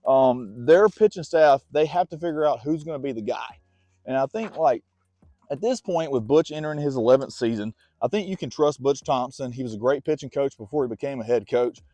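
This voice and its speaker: A man's voice: mid-range voice, brisk, dark tone, no echo. A man casually talking college sports while walking his dog outdoors, a bit out of breath and turning now and then to chat with the dog. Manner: chatty, talks to his dog between points. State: winded from walking. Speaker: sports vlogger. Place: outdoors on a walk.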